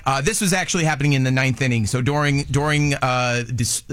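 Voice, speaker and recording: A man's voice: medium pitch, a little fast, fairly bright tone, dry recording. A man presenting quirky news items on a radio show in an easygoing way.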